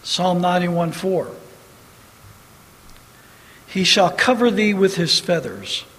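A high-voiced man preaches with fiery emphasis, hammering repeated phrases and quoting scripture. His voice rings with a long reverb, as if in a big hall. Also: lively intonation, slow pace, a bit bright. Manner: preaching with rising emphatic bursts and scripture quotes. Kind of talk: sermon.

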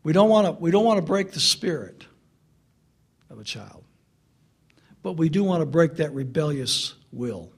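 A middle-aged man preaching through a family story, swinging from loud laughter to hushed earnestness. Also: a little high, animated, normal speed, long pauses, husky. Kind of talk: storytelling sermon.

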